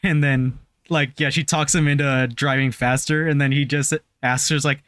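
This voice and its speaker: A man's voice: medium pitch, moderate pace, dry recording. A man co-hosting a podcast, casually reviewing a film and acting out lines from its scenes. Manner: animated retelling, acts out quotes from scenes. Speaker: podcast co-host. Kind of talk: casual movie review chat.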